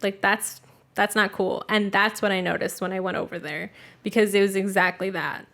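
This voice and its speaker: Her mid-range, fairly bright voice moves at a moderate pace with fairly even intonation. This young adult woman is a podcast host in loose, profane casual chat, leaning heavily on "like" and performing the quotes when she retells family stories.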